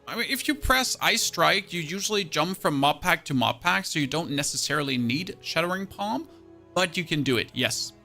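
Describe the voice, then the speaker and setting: A man from Germany with a German accent, chatting casually with his live-stream chat while gaming, self-mocking and quick to exclaim. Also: a little high, expressive, vocal fry, bright, forceful tone, soft background music. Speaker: game streamer.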